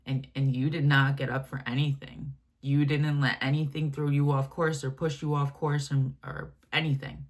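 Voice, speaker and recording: A woman giving a channeled spiritual reading, speaking gently and affectionately in a meandering way with many fillers and restarts. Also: extremely low pitch, level tone, moderate pace, few pauses. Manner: gentle, affectionate, addresses listener as my love and baby; meandering, filler-heavy, self-correcting. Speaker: channeled message reader.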